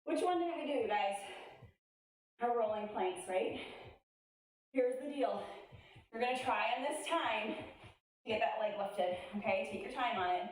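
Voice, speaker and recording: A woman fitness instructor coaching a workout class, giving upbeat, encouraging cues with laughter between them. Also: high-pitched. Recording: echoey room, voice from a distance.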